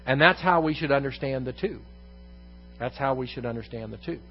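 A man's voice: mid-range voice, brisk, dull audio, faint music behind. A man teaching a congregation in an evening Bible lesson, repeating key phrases for emphasis and putting questions to the room. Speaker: pastor. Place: church room.

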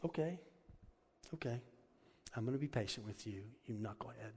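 A man's voice: fairly high pitch, animated, a little fast, lightly acted. A man voicing God as a patient but stern male figure who chides bluntly, recorded in an echoey hall. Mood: chiding. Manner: chiding, blunt.

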